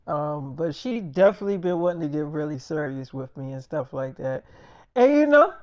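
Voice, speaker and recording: A man's voice: on the high side, steady tone, brisk, dark tone, clean tone, no echo, clean studio sound. A man telling an improvised story in a casual, slangy, rambling way, often stumbling and restarting his words.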